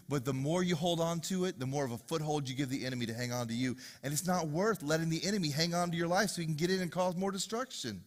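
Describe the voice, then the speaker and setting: A man preaching a sermon as pastor to a congregation, swinging from loud, driving passages to hushed, repeated questions. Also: on the high side, quick pace, hardly any pauses. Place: church hall with congregation.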